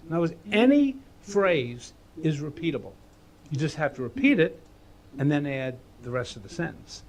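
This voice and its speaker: A man teaching writing in a casual, animated way, acting out voices as he explains. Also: a little high, moderate pace. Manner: animated, acts out voices and hums melodies.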